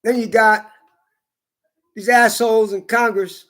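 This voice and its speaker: High-pitched man ranting with profanity. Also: steady tone, a little slow. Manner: heated, swearing, rising into shouts.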